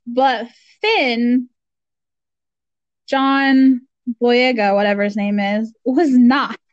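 A woman's voice: fairly high pitch, fairly even intonation, extremely slow, no room sound. A woman co-hosting a podcast in casual chat, rambling and hesitant, laughing as she talks. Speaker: podcast co-host. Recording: dry, dull lo-fi mic.

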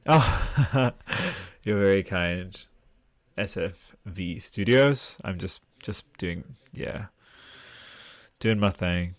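A tired man hosts a podcast livestream, rambling chattily through viewer comments and swearing freely. His low voice moves very slowly, recorded on a desktop mic with headphones and no room sound.

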